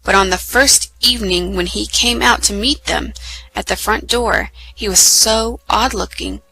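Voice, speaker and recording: A woman reading a children's book aloud at story time, lively and with small self-corrections. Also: medium pitch, unhurried, creaky, a little hiss or hum, low-quality recording. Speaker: storytime reader.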